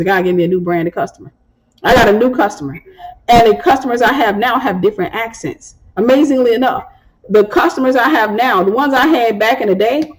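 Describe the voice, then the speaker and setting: A woman's voice: on the high side, poor audio. A woman in her thirties, hosting and giving preaching-style advice, telling stories and acting out the voices she quotes. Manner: animated storytelling, acts out quoted voices. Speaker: host and ministry speaker.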